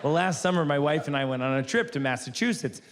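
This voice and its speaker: A man's voice: on the high side, expressive, fast, slight background noise. Male stand-up comic, 40s, wry conversational delivery, long hall reverb, audience audible. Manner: wry, conversational, builds to loud punchlines. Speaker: stand-up comedian. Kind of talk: stand-up storytelling. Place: theater stage before an audience.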